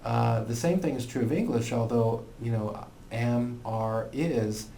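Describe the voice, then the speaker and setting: A man's voice: mid-range voice, measured pace, gravelly, warm tone, roomy sound, a little hiss or hum. A man teaching a recorded Latin lesson, explaining grammar patiently and step by step with frequent fillers.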